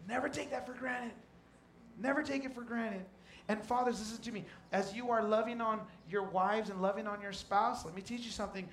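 Bright-voiced emotional pastor in an echoey tent. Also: male voice, high-pitched, fairly even intonation, a little fast, slight background noise. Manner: emotional, folksy and preachy, with repeated refrains. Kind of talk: sermon. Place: large tent with a congregation.

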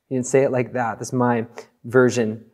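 A man preaching a sermon in an earnest, conversational way, slowing down for emphatic phrases. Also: medium pitch, little pitch movement, a little mellow. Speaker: pastor.

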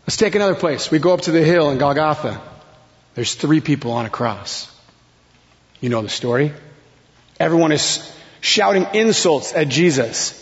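A man preaching a sermon in a slow, dramatic way, his voice dropping to a hush at key words. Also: on the high side, animated. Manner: slow, dramatic delivery with sudden soft drops. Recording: long hall reverb, dull lo-fi sound.

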